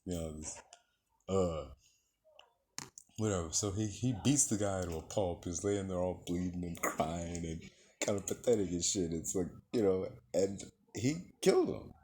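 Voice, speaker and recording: Low-voiced man rambling through a film review. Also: a little slow, mellow, a little hiss or hum. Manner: rambling, profane, heavy use of filler words. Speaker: movie reviewer. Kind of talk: casual spoken film review.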